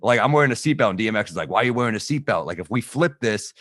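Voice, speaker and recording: A man co-hosting a podcast, telling a lively anecdote in casual chat and swearing freely. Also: medium pitch, very fast, no room sound, studio quality. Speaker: podcast co-host.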